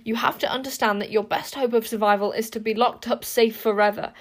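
A woman's voice: a little high, steady tone, a little fast. A woman voicing a contemptuous, imperious warrior queen in a storybook reading, cutting and cold. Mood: grim. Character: scornful, imperious middle-aged warrior queen.

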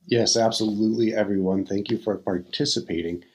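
A man, a priest, hosting a podcast with a measured delivery and a dry, sarcastic humor. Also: on the low side, steady tone, a little mellow, slightly rough. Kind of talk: podcast hosting, casual chat.

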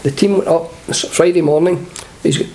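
Mellow and on the high side, this older man's voice moves fairly quickly. A former footballer with a Scottish accent, he spins funny stories in an interview in a chatty way, laughing along as he goes.

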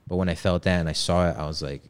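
A man's voice: sits low, steady tone, fast talker, a little hiss or hum. A man in his twenties telling a personal story in casual, slangy talk. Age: 20s. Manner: laid-back slangy talk. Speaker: podcast guest.

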